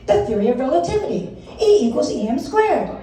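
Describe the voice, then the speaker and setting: Goofy excitable physicist played by an older woman, echoey far-off mic. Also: sits high, fairly quick. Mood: mock amazed. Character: famous male physicist, dim and excitable.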